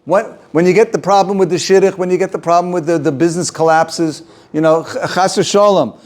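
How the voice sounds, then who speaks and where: In a steady tone that sits high, a rabbi gives a casual Torah lesson a little quickly, his voice a little mellow. He keeps repeating himself and restarting phrases, chuckling and acting out quotes as he goes.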